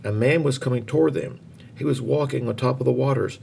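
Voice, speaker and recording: A man reading a children's Bible story aloud in an expressive, lively way. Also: medium pitch, a little fast, vocal fry, a little hiss or hum.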